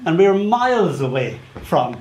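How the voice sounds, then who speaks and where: Animated older Irish poet, roomy hall. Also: male voice, a little high, moderate pace. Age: 60s. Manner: playful storytelling, animated comic asides. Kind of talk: poetry reading with anecdotes. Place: arts venue hall before a live audience. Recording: roomy hall, faint background noise.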